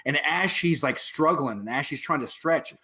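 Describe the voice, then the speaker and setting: A man's voice: a little high, lively intonation, moderate pace, sharp tone. A man, a veteran and activist, telling his story as a guest in a casual interview, rambling with many fillers and swear words.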